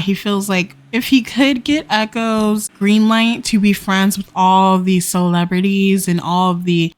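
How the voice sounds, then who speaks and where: A young woman hosting a casual let's play, chatting and inventing stories for her characters as she plays, recorded on a desktop microphone. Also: mid-range voice. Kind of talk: casual gameplay narration. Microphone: desktop USB mic.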